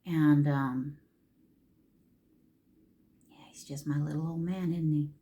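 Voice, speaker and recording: A woman's voice: sits low, fairly even intonation, takes it slowly, mellow. Chatty woman, rambling makeup vlog. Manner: chatty, rambling storytelling with emotional swings. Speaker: makeup vlogger. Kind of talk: casual chat while doing makeup.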